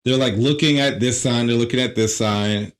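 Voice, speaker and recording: A man's voice: medium pitch, moderate pace. A man co-hosting a comedy podcast, telling everyday stories in a laid-back, casual way. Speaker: podcast co-host.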